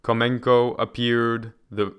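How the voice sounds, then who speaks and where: A man reading a book aloud in a measured, deliberate way, now and then restarting a phrase. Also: medium pitch, level tone, clean tone, dull audio. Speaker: reader.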